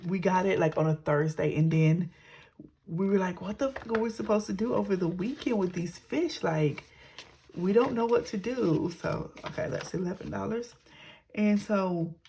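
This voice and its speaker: A woman's voice: lowish voice, a little mellow, slight background noise. A young woman telling a rambling story to viewers in a casual, chatty way, correcting herself and swearing now and then. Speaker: teacher and budgeting vlogger.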